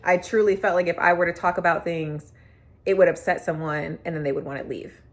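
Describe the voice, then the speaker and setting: A woman's voice: on the low side, steady tone, a little fast. A young woman vlogger telling a personal story, candid and emotional, with many "like" fillers.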